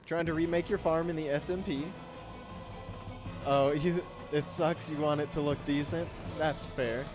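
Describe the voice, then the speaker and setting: A young man streaming a game, chatting with viewers in a relaxed, joking way and breaking into loud yelps and laughs. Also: fairly high pitch, measured pace, over music. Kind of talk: gameplay commentary.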